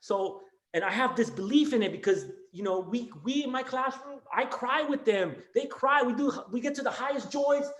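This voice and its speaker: A man's voice: very high-pitched, normal speed, few pauses, a bit bright, reverberant. A man who teaches elementary school, speaking with raw emotion in a class discussion on a video call, rambling, restarting and peppering his talk with "man" and "dude".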